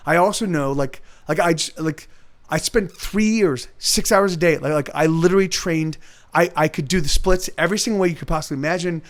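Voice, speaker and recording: A man talking in a rambling, profane monologue, restarting his sentences and answering chat readers by name as a livestream host. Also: on the high side. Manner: profane, repetitive, restarts often.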